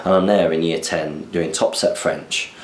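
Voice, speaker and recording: Casual and self-mocking, a young southern English podcast host wanders through his chat in a low voice with fairly even intonation, speaking a little slowly. The recording is reverberant.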